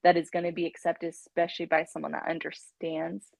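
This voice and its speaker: A woman's voice: fairly low pitch, completely flat delivery, fairly quick, gravelly, a little mellow, no room sound. A woman guest in a candid interview, speaking earnestly and laughing often. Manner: earnest, laughs often, acts out what she would tell her younger self.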